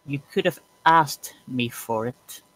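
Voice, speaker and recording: A man playing a tabletop role-playing game, speaking in a calm, earnest way. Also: mid-range voice, slow, no room sound, rough recording. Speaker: player.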